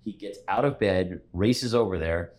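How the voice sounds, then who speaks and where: Middle-aged male guest, very deep voice, lively storyteller who acts out the people in his stories. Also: unhurried. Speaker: commercial real estate broker, guest. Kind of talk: storytelling in a conversational interview.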